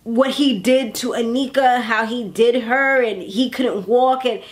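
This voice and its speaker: A woman in her thirties casually recapping a TV episode in a chatty, animated way, acting out characters' lines as she goes. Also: a little high, a little slow. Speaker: TV recap vlogger. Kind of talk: casual chat.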